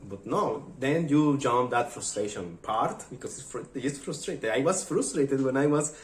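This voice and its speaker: Mexican guy vlogging, spanish accent, lively storytelling, echoey room. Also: mid-range voice, normal speed, hardly any pauses. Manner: animated, acts out funny quoted exchanges. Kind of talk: casual chat.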